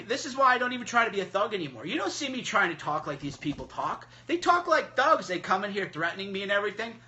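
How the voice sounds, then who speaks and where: A man's voice: high voice, pushed and bright. A man hosting a phone livestream, talking in a blunt, mocking, emphatic casual monologue. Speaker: livestream host.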